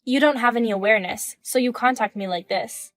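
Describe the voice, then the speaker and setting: Thirties woman reading a text story, high-ish voice, indignant, dry close mic. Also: brisk, a bit bright, no room sound. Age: 30s. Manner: indignant, questioning. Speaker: story narrator voicing the wife.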